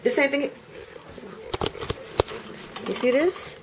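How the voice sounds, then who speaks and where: A woman's voice: high voice, animated, slow, background noise. A woman angrily venting on camera in her apartment, repeating herself with heated indignation. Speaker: vlogger. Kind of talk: angry home vlog rant. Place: apartment indoors.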